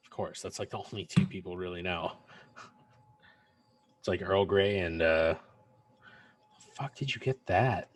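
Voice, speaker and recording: A man's voice: deep voice, a little slow, long pauses. An American man co-hosting a casual podcast chat, joking and laughing often. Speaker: podcast co-host.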